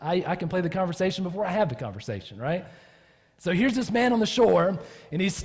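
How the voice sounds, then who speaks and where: A man preaching from the pulpit, telling his story with animated energy and slipping into the voices of the people he quotes. His voice sits a little high for a man. A long church reverb trails behind every phrase. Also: quick pace, breathy edge. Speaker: pastor. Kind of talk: sermon.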